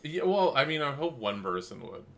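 A man co-hosting a casual podcast chat, crude and jokey, with sudden loud bursts of silly voices. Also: a little high, very animated, a little fast. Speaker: podcast co-host.

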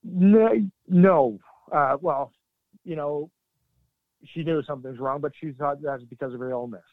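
Middle-aged man, ex-soldier guest, candid and halting, dry narrow phone-like audio. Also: a little high, dry recording. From Canada. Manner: earnest, halting, with sudden emphatic bursts. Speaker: military veteran guest. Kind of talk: candid interview storytelling. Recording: dry, tinny phone-like line.

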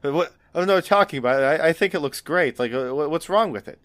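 A man's voice: on the high side, lively intonation, quick pace, fairly bright tone, dry recording, studio quality, voice pushed up. A man voicing a young teenage boy sailor, an eager upstart who gets defensive.

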